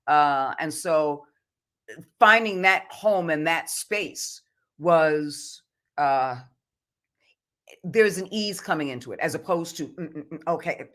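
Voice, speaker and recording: A woman's voice: sits low, slow pace, pauses often, fairly bright tone. A woman voice actor, guest on a podcast interview, talking about her work in an earnest, reflective way. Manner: earnest, reflective, speaks of faith.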